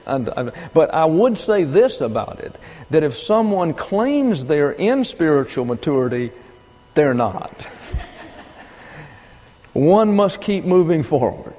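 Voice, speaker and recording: An older man preaching a sermon, teaching deliberately and with emphasis, pausing for asides. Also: a little high, very animated, mellow. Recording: long reverb of a large hall.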